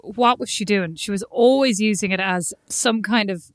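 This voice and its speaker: A woman's voice: mid-range voice, no echo. Irish female co-host, chatty asides, dead-dry recording. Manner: amused, chatty, quick asides. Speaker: podcast co-host. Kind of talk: casual chat.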